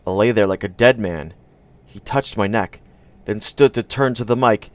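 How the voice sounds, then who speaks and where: A man's voice: on the low side, normal speed, no echo. Dry, wry male audiobook narrator. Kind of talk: first-person audiobook narration.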